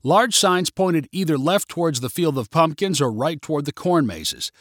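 Expressive male storyteller, dry sound. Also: on the high side, moderate pace, dry recording. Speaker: narrator. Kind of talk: scripted story narration.

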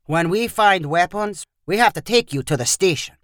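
A woman voicing a heavyset police officer in a story reading, speaking slowly and gravely. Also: lowish voice, animated, fairly bright tone, no echo, studio quality. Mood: stern. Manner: slow, grave, measured. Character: stern heavyset man, border town police officer.

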